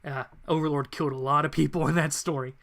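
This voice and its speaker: A man's voice: fairly high pitch, steady tone, fast talker, creaky, a bit bright. A man hosting a stream, chattily retelling comic scenes with casual asides. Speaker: channel host. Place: home streaming setup.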